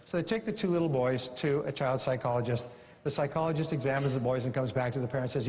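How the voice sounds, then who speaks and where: A man's voice: mid-range voice, fast, slight background noise. Man giving an emphatic seminar speech. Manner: storytelling with emphatic repetition. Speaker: motivational speaker. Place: seminar hall. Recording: dull lo-fi recording in a reverberant hall.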